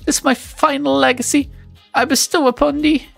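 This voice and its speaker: A man's voice: very high voice, steady tone, moderate pace, vocal fry, fairly bright tone, soft background music, voice pushed up, heavily acted. A man voicing a theatrical young woman knight who speaks in grandiose, old-fashioned phrases in a raised voice.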